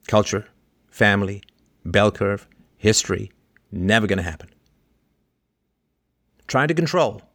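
A man holds forth on a livestream, mid-pitched and sure of himself. He hammers his points with repetition and throws in sarcastic asides. The sound is dry and close, with no room echo. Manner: emphatic and lecturing, repeats his punchlines; sarcastic asides, big swings between loud and low. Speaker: livestream host answering listener questions. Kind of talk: opinionated call-in monologue.

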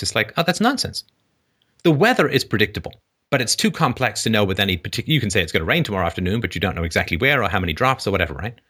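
A low-pitched man hosting a casual call-in show. He rambles through ideas, acts out little scenes in different voices and laughs at his own jokes. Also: sing-song, rapid-fire, bright, forceful tone, slightly rough. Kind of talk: casual philosophical call-in talk.

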